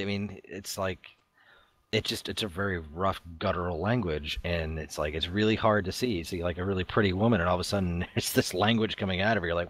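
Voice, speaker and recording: Low-voiced man in casual chat. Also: fast, fairly bright tone, no room sound. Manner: rambling, chuckling storyteller. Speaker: talk show co-host.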